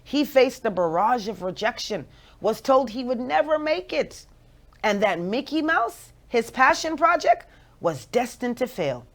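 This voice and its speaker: A woman in her forties with a Jamaican accent, hosting a radio show with playful, animated motivational talk. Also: on the high side, a little slow. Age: 40s.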